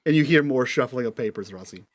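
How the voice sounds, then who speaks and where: A man narrating a tabletop role-playing game as game master, in a relaxed way with many fillers. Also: medium pitch, quick pace. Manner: relaxed, lots of ums and likes.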